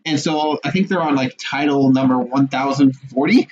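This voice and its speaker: A young man co-hosting a podcast in casual chat, animated and swearing a lot, laughing often. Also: medium pitch, normal speed. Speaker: podcast co-host. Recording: muffled lo-fi audio with faint noise.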